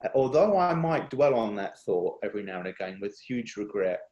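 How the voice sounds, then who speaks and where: A man's voice: fairly low pitch, big pitch swings, darkish tone, muffled recording. Earnest man, roomy echo. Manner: earnest, confessional, halting with restarts. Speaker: speaker at a worship workshop. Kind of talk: personal testimony. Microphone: video call.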